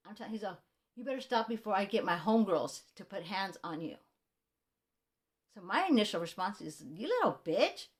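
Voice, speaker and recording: A woman in a heated, indignant personal rant about a music publishing dispute, retelling phone calls and her own replies. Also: mid-range voice. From Mexican-American.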